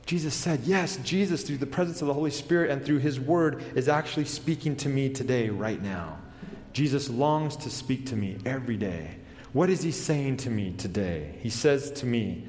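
A man preaching in an earnest way, his voice carried by the long reverb of a church sanctuary. He often slows and falls to a near hush on the words he wants to stress. His pitch sits at an ordinary middle level for a man. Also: animated. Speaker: pastor. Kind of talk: sermon.

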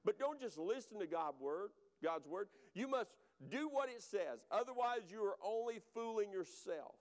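Man, pastor, sermon, high voice, smooth clear tone, addresses congregation directly. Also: lively intonation, normal speed. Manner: conversational, repeats phrases for emphasis.

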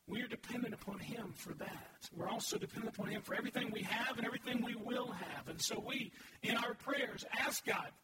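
A man's voice: very high-pitched, noisy background. A man preaching a sermon as pastor, earnest and emphatic, prompting the congregation to respond. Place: large church sanctuary. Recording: echoey hall, voice from far off.

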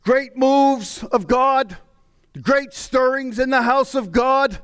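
A middle-aged pastor delivers a passionate sermon, moving from raised cries down to low, tired murmurs. He speaks slowly, and the clean recording gives his voice a slightly bright quality.

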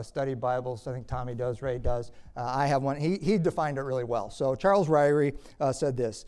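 Pastor preaching emphatically. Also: male voice, medium pitch, smooth. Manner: swings from quiet explaining to loud emphatic preaching. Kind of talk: sermon.

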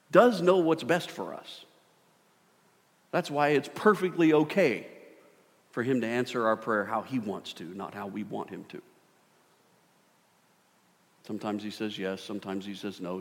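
A middle-aged man preaching a sermon, animated, swinging from loud bursts to hushed tones. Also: mid-range voice. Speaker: pastor. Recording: long hall reverb.

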